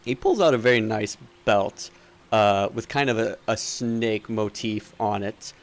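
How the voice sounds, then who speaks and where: A man's voice: lowish voice, a little slow. A young man narrating as game master in a tabletop game, rambling with lots of fillers.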